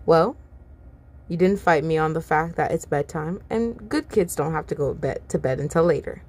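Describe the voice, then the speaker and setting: A woman voicing Moon, a calm robot caretaker. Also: low voice, normal speed, husky. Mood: gentle. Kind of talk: reading fan fiction aloud.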